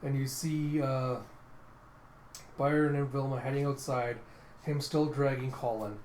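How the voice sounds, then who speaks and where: A man's voice: medium pitch, steady tone, a little slow, darkish tone. A man casually narrating a comic readthrough in a rambling play-by-play with fillers. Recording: roomy echoey room with faint hiss.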